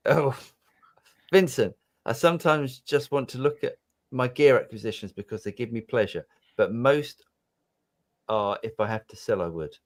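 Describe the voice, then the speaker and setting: Male host, mid pitch, rambling and self-interrupting, casual chat. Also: moderate pace. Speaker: host reading viewer questions.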